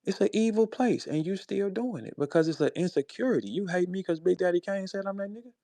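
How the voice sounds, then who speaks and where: A man with a St. Louis accent calling out a rival in a heated, profane monologue, tossing in "bro" and "man" and swinging from low muttering to loud high outbursts. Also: animated, quick pace, gravelly, no echo. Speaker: battle rapper addressing a rival. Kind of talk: heated monologue on a live audio space.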